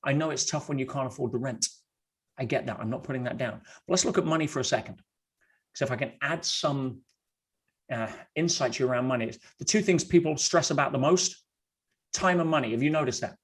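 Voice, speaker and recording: A man's voice: medium pitch, brisk, husky. Blunt middle-aged male motivational speaker. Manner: blunt, storytelling, addresses listeners as guys. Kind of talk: motivational talk to an online audience.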